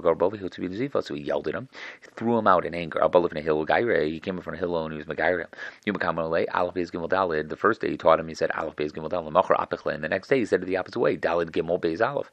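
A man teaching a text aloud, translating line by line and quickly acting out the exchanges between the characters. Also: creaky, no echo, dull audio. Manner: fast, acting out the dialogue with raised-pitch questions. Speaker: Talmud teacher.

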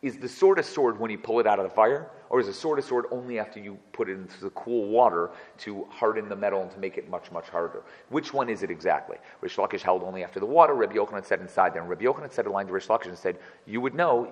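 A man's voice: lowish voice, long reverb tail, low-quality recording. A man teaching a text study class as its teacher. He reads verses and then translates and explains each one. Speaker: Torah teacher.

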